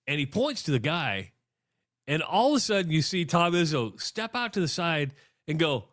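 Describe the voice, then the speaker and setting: Animated man on sports radio. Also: normal speed, dry recording, clean studio sound. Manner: animated storyteller, acts out quotes with big pitch jumps. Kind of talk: casual sports talk. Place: radio studio.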